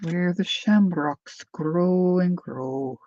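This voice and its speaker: A woman's voice: fairly low pitch, very slow, warm tone, dry recording, muffled recording. A woman hosting a casual live crafting demo, chatting as she thinks aloud and answers viewer comments. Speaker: craft livestream host.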